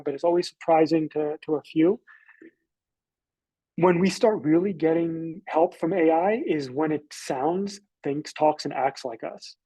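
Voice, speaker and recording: A man's voice: fairly high pitch, mellow, slightly rough, dry recording, rough recording. An American man presenting a webinar lesson in a casual, loose way, with many fillers and restarts.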